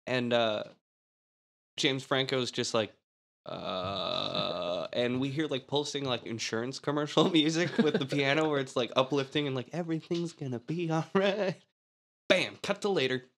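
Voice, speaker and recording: A man on a podcast walks through a film's plot in loose, casual chat. He laughs a lot and slips into quoted lines as he goes. His voice sits at an ordinary middle pitch. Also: normal speed, fairly bright tone. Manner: laughs often, rambling recap with quoted lines. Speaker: podcast co-host. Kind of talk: casual chat recapping a film.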